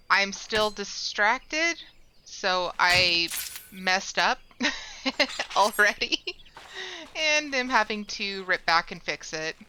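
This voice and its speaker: A woman's voice: mid-range voice, bright, forceful tone, slight background noise. A woman streamer giving casual, rambling commentary while playing a game, often correcting herself mid-sentence. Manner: chatty, rambling, self-correcting.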